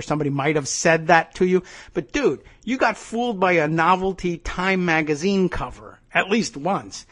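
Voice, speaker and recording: Sarcastic ranting male podcast host. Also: fairly high pitch. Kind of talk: political commentary.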